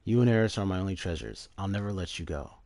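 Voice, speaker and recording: A man voicing a doting middle-aged male professor in a quick, affectionate, low manner. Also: animated, gravelly, a little mellow, no room sound.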